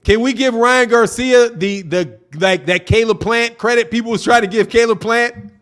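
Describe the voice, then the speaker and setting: A man's voice: very high-pitched, moderate pace, fairly bright tone. A man hosting a boxing talk stream, reading viewer chats aloud in a loose, chatty way, repeating himself and laughing often. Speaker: boxing channel host. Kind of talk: casual livestream commentary reading viewer chats.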